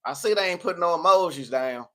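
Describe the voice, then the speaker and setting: A man's voice: high voice, animated, fast, a bit bright. A man from Tennessee with a Southern accent, a tarot reader chatting live in a playful, preachy, scolding way. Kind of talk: live tarot reading chat.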